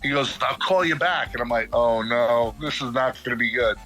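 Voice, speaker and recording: A middle-aged man with a bright, forceful voice tells a story to podcast hosts, acting out each line of dialogue in quotes. His pitch sits right in the middle for a man, and faint music plays underneath. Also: normal speed, low-quality recording. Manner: animated, acts out dialogue in quotes. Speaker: guest musician telling a story.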